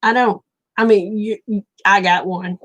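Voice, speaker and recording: A woman's voice: medium pitch, steady tone, unhurried, fairly bright tone. A woman with an Oklahoma accent, chatting casually with viewers and telling folksy stories. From Oklahoma, USA. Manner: folksy storytelling, laughs often. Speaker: livestream host.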